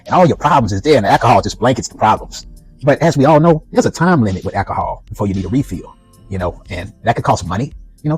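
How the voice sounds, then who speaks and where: A man's voice: medium pitch, a little mellow, low-quality recording. A middle-aged man speaking in a conversational monologue about his own life, often adding "you know" and "right". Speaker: vlogger. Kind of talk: personal reflective monologue.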